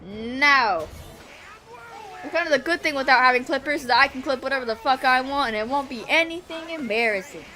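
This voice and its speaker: A young woman streaming games live, chatting casually, excitable and swearing freely, often bursting into shouts. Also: high voice, brisk, faint music behind. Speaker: VTuber streamer.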